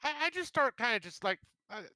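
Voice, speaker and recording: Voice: medium pitch, sing-song, brisk, pushed and bright, dry recording. A player in a casual tabletop game, eager and joking along with the table.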